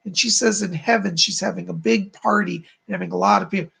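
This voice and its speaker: A man's voice: sits high, fairly even intonation, quick pace, gravelly, bright, forceful tone, husky. A man hosting a live-stream psychic chat, effusive and chatty, often thanking his viewers. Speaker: psychic and channel host.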